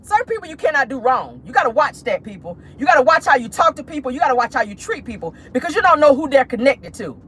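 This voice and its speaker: A woman's voice: high-pitched, sing-song, fast, few pauses, a bit bright, a little hiss or hum. A woman giving casual pop-culture commentary on her vlog, emphatic and preachy, with frequent profanity. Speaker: commentary vlogger.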